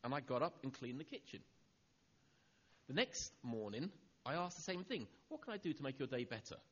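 A middle-aged male preacher tells a personal story from the pulpit, acting out each line of dialogue. His husky voice moves freely up and down in pitch and sinks quiet on the tender moments. The recording is dull and lo-fi. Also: fairly quick. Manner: animated storyteller acting out dialogue, dropping soft for tender lines. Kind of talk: sermon storytelling.

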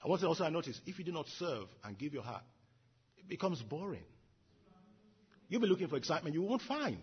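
A man preaches an earnest sermon with a very husky, raspy voice. His pitch swings widely as he drives his points home, repeating phrases for weight. The recording sounds dull and lo-fi. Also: sing-song, fast talker, pauses often. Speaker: pastor.

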